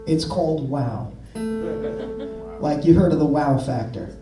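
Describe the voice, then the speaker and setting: Man joking between songs, lively swooping pitch, slow unhurried delivery, echoey live recording from far off. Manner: joking, deadpan storyteller. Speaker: blues singer and guitarist. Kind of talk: stage banter between songs. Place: outdoor festival stage. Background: guitar music.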